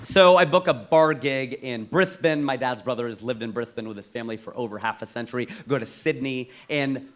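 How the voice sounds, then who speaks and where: An American man doing a stand-up set, telling stories with animated, punchy delivery and big emphatic swings. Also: mid-range voice, a little fast, hardly any pauses. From United States. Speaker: stand-up comedian.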